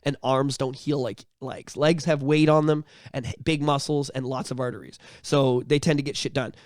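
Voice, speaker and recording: A man, co-hosting a podcast and telling crude, animated stories. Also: mid-range voice, normal speed, dry recording, clean studio sound. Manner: animated, profane, breaks into shouted bits. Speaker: podcast co-host. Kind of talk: crude casual storytelling.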